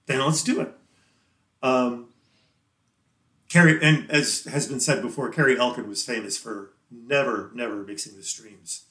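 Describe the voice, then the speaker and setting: A chatty man of middle pitch speaking as a podcast guest, rambling through his answers with easy laughter. His voice rings with a noticeable room echo, as if recorded in a live, roomy space. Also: a little slow, fairly bright tone. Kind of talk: casual interview chat.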